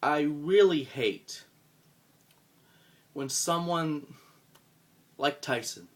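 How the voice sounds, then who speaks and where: Man, wrestling promo rant, profane, insulting, low mutters and loud bursts, medium pitch. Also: lively intonation, moderate pace, long pauses. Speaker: wrestling roleplayer cutting a promo.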